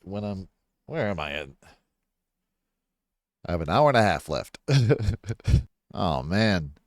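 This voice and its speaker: A man's voice: low-pitched, expressive, takes it slowly, no echo, studio quality. Rambling man reacting to a movie. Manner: loose and rambling, swears, acts out movie lines in silly raised voices. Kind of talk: casual live movie reaction.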